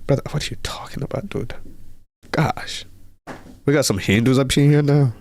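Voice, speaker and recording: A man's voice: medium pitch, moderate pace. A young man hosting a casual livestream, rambling and repeating himself as he reads viewer comments aloud. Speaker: livestream host.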